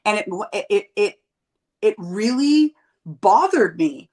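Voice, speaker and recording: A middle-aged woman from Canada, a guest on a podcast, tells stories in a blunt and animated way and swears freely. Her pitch sits in an ordinary middle range for a woman. The tone is casual and outspoken throughout. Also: slow pace. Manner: blunt and profane, animated storytelling. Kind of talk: casual chat.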